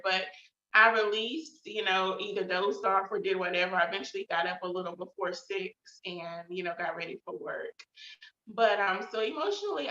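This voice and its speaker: A woman's voice: medium pitch, bright, forceful tone. A woman hosting her own show, talking casually and reflectively about how she is feeling, with many fillers. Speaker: host. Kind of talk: casual personal check-in talk. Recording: roomy, slightly dull sound.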